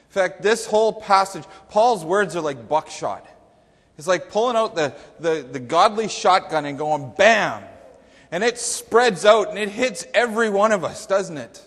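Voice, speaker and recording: A man in a church sanctuary preaching a sermon, talking in a conversational yet emphatic way and putting questions to the congregation. His voice sits somewhat high for a man, and it trails into a long reverb from the hall around him. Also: expressive, normal speed. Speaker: pastor.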